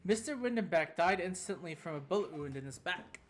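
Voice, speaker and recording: A man's voice: sits high, lively intonation, fairly quick, a little hiss or hum. Man streamer reading courtroom lines. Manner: reads courtroom lines earnestly with small slips and restarts. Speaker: streamer reading game dialogue. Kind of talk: let's-play dialogue reading.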